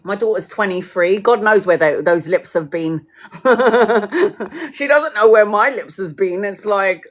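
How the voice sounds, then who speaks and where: A woman's voice: medium pitch, lively intonation, a little slow. Swearing, laughing British woman. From United Kingdom. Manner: swears a lot, laughs often, acts out quoted lines. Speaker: tarot livestreamer. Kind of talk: casual rant to viewers.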